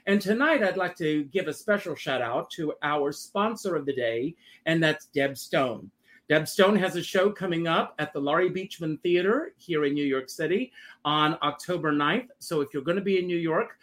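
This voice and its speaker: A man's voice: high-pitched, a bit bright. Effusive Southern-raised male host. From South Carolina. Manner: upbeat and effusive, frequent uh fillers. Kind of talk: casual video-call chat. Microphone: video call.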